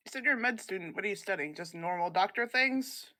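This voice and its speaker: An easygoing woman playing a tabletop game at an ordinary middle pitch. She speaks casually and keeps the tone light. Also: animated, bright, forceful tone, a little hiss or hum. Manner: easygoing, quick to laugh. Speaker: player. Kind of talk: casual tabletop role-play.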